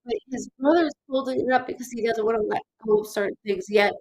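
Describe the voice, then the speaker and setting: A woman hosting a live psychic reading stream, halting and stuffed up from crying, calling out names and letters to viewers. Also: fairly high pitch, a little mellow. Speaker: psychic medium host.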